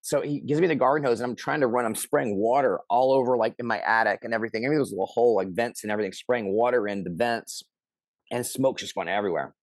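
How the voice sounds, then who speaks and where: A middle-aged man telling a personal story in casual conversation, animated and shouting out the lines he quotes. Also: medium pitch, fast talker, no room sound. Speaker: interview guest.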